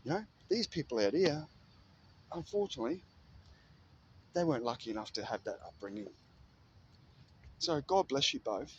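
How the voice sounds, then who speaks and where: A man in casual motivational storytelling, animated and freely swearing. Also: mid-range voice, normal speed, pauses often, highs cut off, slight background noise.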